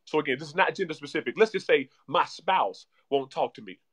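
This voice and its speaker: A man speaking as a guest relationship coach in animated podcast talk, energetic and repeating himself like a preacher. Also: on the high side, a little fast, husky.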